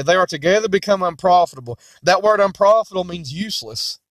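A man's voice: sits high, lively intonation, fairly quick, hardly any pauses, fairly bright tone, dry recording. A male preacher delivering an emphatic, repetitive sermon that quotes King James scripture. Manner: voices imagined objections in a mocking tone.

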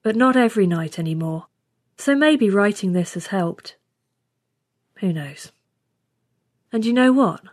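A woman's voice: mid-range voice, expressive, unhurried, pauses often, darkish tone, dry recording, studio quality. A woman reading a science fiction story aloud in the first person with a wry tone. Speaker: story reader. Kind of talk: scripted narration.

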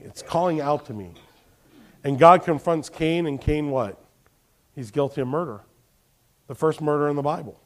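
A man's voice: mid-range voice, expressive, normal speed. A man preaching a sermon, telling Bible stories with animation and questioning his congregation. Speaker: pastor.

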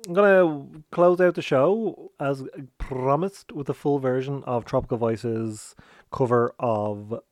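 Brief: male podcast host, mid-pitched voice, loose and teasing, swears a lot, dry close recording. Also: darkish tone, no echo. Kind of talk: casual chat.

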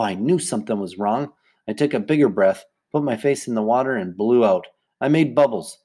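A man's voice: medium pitch, fairly quick, warm tone. Male audiobook narrator, plain first-person storytelling. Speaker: audiobook reader.

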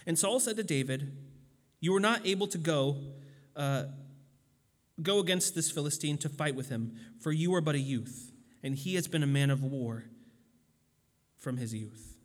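High-voiced preacher man in a reverberant hall. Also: moderate pace, long pauses. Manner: conversational, loose with fillers and restarts. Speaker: pastor. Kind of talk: sermon.

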